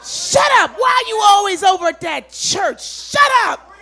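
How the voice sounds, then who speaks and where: Woman preacher doing a scolding crowd, sharp and scornful, in a raised, bright voice. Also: extremely high pitch, sing-song, unhurried, heavily acted. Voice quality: sharp, scornful, repeated shushing. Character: scolding crowd telling a blind beggar to hush.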